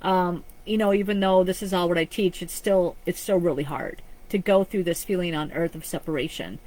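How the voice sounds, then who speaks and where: A woman's voice: lowish voice, normal speed, a little mellow, low-quality recording. A woman psychic medium giving a live-streamed reading, talking in an earnest, rambling way with frequent restarts. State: choked up with emotion.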